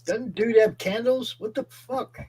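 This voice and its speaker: A man's voice: very high voice, unhurried, darkish tone, husky, rough recording. A man playing a board game on a livestream, joking and swearing freely. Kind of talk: casual tabletop game livestream.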